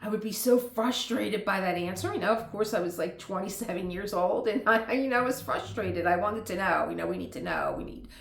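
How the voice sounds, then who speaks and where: A woman's voice: medium pitch, fairly quick, gravelly, hardly any pauses, reverberant, slight background noise. A middle-aged woman vlogger talking casually at home, rambling into tangents and laughing often. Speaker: lifestyle vlogger. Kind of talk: casual chat.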